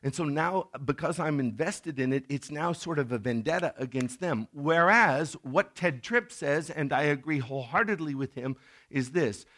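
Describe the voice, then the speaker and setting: A middle-aged man preaching a sermon in a conversational tone, now and then acting out scenes in sudden loud bursts. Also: a little high, moderate pace. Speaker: pastor.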